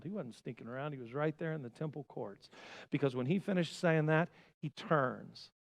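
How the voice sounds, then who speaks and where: A man's voice: a little high, vocal fry. Dramatic male pastor preaching in a reverberant hall. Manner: dramatic swings from loud emphasis to hushed asides. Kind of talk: sermon. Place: church sanctuary.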